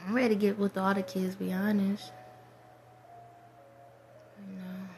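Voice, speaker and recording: Woman vlogger, reflective and rambling, soft trailing whispers, faint background hiss. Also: mid-range voice, little pitch movement, measured pace. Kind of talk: casual spiritual monologue.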